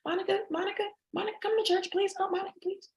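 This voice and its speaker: A woman voicing an older churchgoing mother who pleads with her daughter in a soft, high voice. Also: steady tone, very fast. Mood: pleading.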